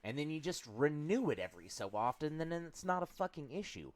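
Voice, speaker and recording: A man's voice: on the high side, sing-song, brisk, no room sound. A man co-hosting a podcast, talking in a blunt, emphatic way with plenty of swearing. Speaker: podcast co-host. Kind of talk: casual chat.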